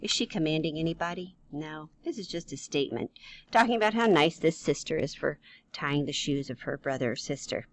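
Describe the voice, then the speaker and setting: A woman's voice: deep voice, animated, fairly quick, poor audio. A woman teaching a grammar lesson to young children, playful and chatty, talking straight to them with questions.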